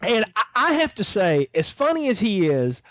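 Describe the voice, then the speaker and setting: A man with a high, very lively voice co-hosts a casual podcast, chuckling as he goes. The recording is dry and close, with almost no room sound. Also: moderate pace, dry recording. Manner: animated, chuckles while talking. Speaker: podcast co-host.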